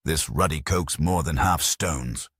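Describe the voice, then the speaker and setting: A man doing a brisk, blunt young husband. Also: rumbling low, husky, no echo, clean studio sound, heavily acted. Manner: brisk, sharp.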